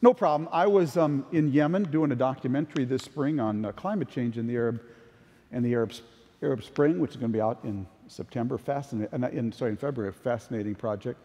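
A man's voice: mid-range voice, fast talker, mellow, muffled recording. An older man giving a conference keynote talk, telling anecdotes in a conversational way. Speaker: keynote speaker. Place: large conference hall. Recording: long hall reverb.

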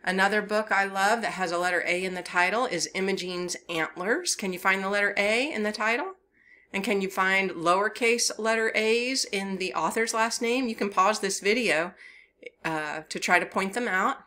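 A woman's voice: mid-range voice, normal speed, pushed and bright. A woman with a Southern US accent leading a children's story time as a librarian, talking in a playful, sing-song way and coaxing young listeners to join in.

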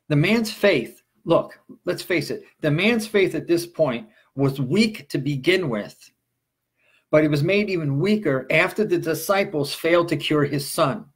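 A male pastor preaching an expository sermon. He reads scripture slowly and presses his points with rhetorical questions. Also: on the high side, husky. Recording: broadcast sermon recording.

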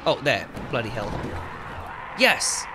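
A man commentating casually over his game play, excitable and jokey, swearing freely. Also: medium pitch, takes it slowly. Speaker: gaming video host.

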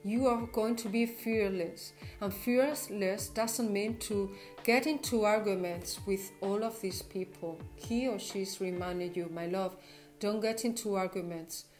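Gushing woman tarot reader, soft music behind. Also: mid-range voice. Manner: gushing, affectionate, with restarts. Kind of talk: tarot reading to viewers.

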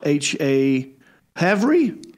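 A man hosting a casual comedy chat show, animated and teasing as he jokes with his co-hosts. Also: fairly high pitch, very slow. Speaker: show host.

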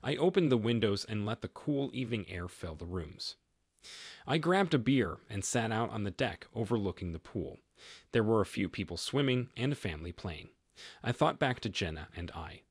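A man's voice: fairly low pitch, slightly rough, no echo, studio quality. A man narrating a first-person story in a plain, matter-of-fact way.

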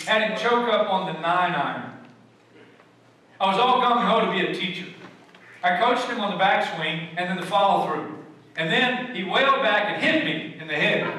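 A male pastor preaching a sermon and telling stories, his voice swinging from loud emphasis to hushed tones. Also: sits high, a little hiss or hum. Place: church sanctuary. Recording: echoey church hall from far off.

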